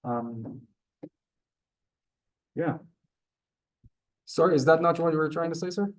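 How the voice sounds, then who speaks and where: A male Hebrew teacher leads a live beginner class in a synagogue room, also streamed on Zoom. His voice sits a bit high for a man. He is polite and chatty, calling his students "sir". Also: takes it slowly.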